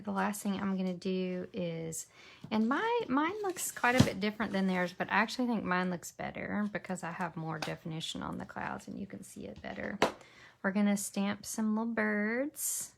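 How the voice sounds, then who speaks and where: Slow gravelly woman teaching crafts. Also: mid-range voice, background noise. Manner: chatty, thinks aloud while working, drops to a whisper while concentrating. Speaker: papercraft demonstrator. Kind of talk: casual crafting tutorial.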